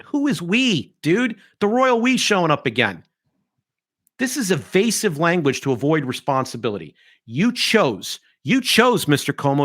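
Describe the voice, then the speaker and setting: A middle-aged male podcast host with a fairly high voice that swings widely in pitch. He argues in an animated, mocking way. He often slips into sing-song impressions of the people he criticizes. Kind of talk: opinionated podcast commentary.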